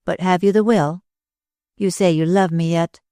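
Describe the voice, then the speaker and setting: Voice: medium pitch, moderate pace, smooth, dry recording, studio quality, natural voice. A narrator voicing a proud, bitter young woman. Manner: steady and bitter. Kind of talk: audiobook character reading.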